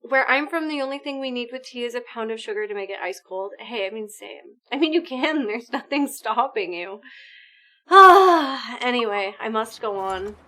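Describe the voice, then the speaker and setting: A woman live streaming a video game, chatting casually with her viewers in an animated, exclamatory way. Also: fairly high pitch, brisk, few pauses. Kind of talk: casual gaming stream chat.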